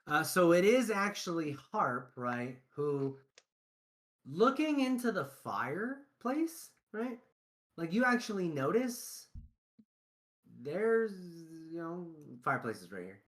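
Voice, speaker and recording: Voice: mid-range voice, big pitch swings, takes it slowly. A game master narrating a tabletop game in a loose, chatty way, often checking in with "right?".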